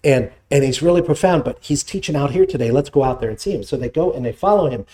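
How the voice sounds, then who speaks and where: A man preaching a sermon, with animated delivery and scripture quotations. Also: fast, hardly any pauses. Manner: animated preaching, dramatic pitch swings, reads scripture quotes. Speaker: pastor.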